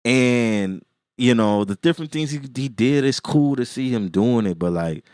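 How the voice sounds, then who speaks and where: A man's voice: mid-range voice, expressive, normal speed, darkish tone, no echo, clean studio sound. A man co-hosting a podcast in loose casual chat, rambling with lots of fillers and restarts. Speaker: podcast co-host.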